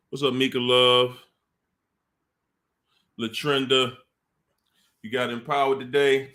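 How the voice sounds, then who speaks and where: A man hosting a casual livestream, slowly reading out names from the chat with warm laughs. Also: medium pitch. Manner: slow, drawn-out shout-outs with laughs. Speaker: livestream host.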